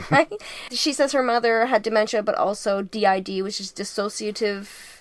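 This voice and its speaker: A woman co-hosting a podcast, analyzing a horror film in animated, emphatic casual chat. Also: mid-range voice, normal speed. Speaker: podcast co-host.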